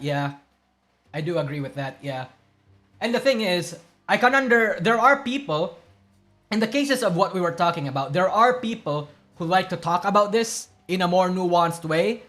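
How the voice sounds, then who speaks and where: High-voiced man ranting casually. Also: fairly bright tone. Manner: blunt, profane, rambling with many restarts. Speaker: streamer. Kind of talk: casual reaction stream commentary.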